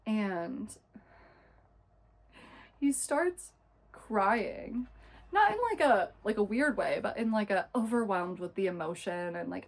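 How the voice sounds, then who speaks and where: A young woman talks through a book chapter by chapter in loose, chatty commentary, dropping fillers and side remarks as she goes. Her voice settles into a gravelly fry at the ends of phrases, and her pitch sits in an ordinary middle range. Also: animated. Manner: chatty, fillers every few words, quick asides. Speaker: book reviewer. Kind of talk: casual book recap and commentary.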